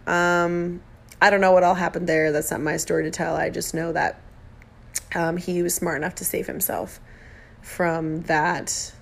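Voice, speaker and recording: A woman's voice: on the low side, level tone, a little slow, creaky. A middle-aged woman hosting her own podcast, talking in a heartfelt, emotional way with bits of self-deprecating humor. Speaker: podcast host. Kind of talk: personal podcast monologue.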